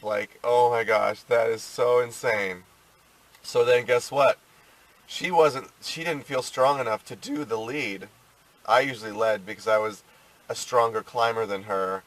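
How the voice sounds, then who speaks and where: Rambling man, a bit off-mic. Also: fairly low pitch. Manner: rambling, animated retelling with many fillers and restarts. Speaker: vlogger telling a personal story. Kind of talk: casual storytelling to camera. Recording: voice sounding a bit far from the mic.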